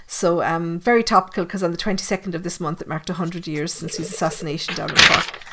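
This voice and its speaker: A woman's voice: lowish voice, steady tone, fast talker, very noisy. A woman with an Irish accent hosting a podcast interview in a chatty, jokey way, often laughing. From Ireland. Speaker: podcast host. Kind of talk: casual interview chat.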